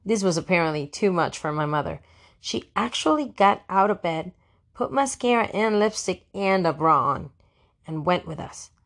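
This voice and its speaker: A woman narrating an audiobook as a first-person diary, in a wry, fussy teenage diarist tone. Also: on the low side.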